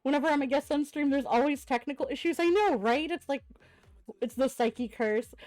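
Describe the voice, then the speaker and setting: A woman's voice: high-pitched, fairly quick, a little mellow. Congested, gushing female streamer. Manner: effusive, gushing thanks to viewers with many fillers. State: congested from a lingering cough. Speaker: variety streamer hosting a guest. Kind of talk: casual live-stream chat. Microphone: desk microphone.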